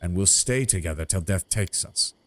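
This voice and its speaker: A man voicing a devoted male satyr knight with a deep, pleasant voice, earnest and defiant. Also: lively intonation, normal speed, a bit bright.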